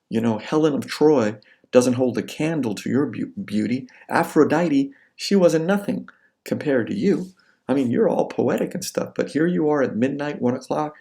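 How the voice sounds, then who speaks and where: A man's voice: mid-range voice, vocal fry, warm tone. A man giving a casual classroom lecture, talking conversationally and acting out everyday scenarios. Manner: conversational, acts out scenarios in quoted voices.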